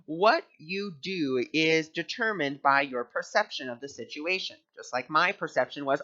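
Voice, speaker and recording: Male spiritual host, chatty and bright-toned, muffled lo-fi recording. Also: a little high, moderate pace, few pauses. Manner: chatty, with frequent fillers. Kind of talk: casual spiritual talk with personal story. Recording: dull lo-fi recording.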